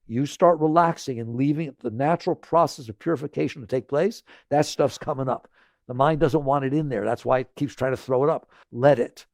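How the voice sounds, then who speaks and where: A man teaching spirituality in a relaxed, conversational talk. He repeats phrases gently and often checks in with listeners by asking "right?". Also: mid-range voice, fairly quick, gravelly, no room sound, studio quality. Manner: conversational, tags lines with "right?".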